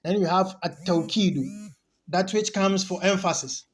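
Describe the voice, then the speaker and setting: High-pitched guy teaching a grammar lesson, slow and repetitive, keeps asking "you get it?". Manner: explains slowly, repeats key terms, asks rhetorical questions.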